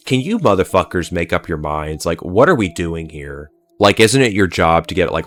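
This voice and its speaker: A man's voice: sits low, fairly bright tone. A man giving a rambling, profane solo video commentary, full of "like" and "uh". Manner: rambling, profane, heavy use of "like" and "uh". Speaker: pop culture commentator.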